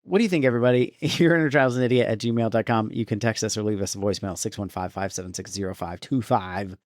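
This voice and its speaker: A man's voice: lowish voice, fast, no echo, studio quality. A male podcast co-host in casual movie-review chat, joking wryly and laughing often.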